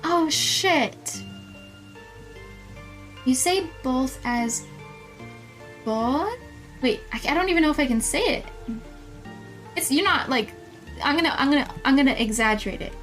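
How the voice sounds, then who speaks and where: A young woman with a high voice chats with her viewers while she plays a game, giggly and easily flustered. She talks at an unhurried pace, and soft game music plays in the background. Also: lively intonation. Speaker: streamer. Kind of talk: casual live-stream chat with viewers.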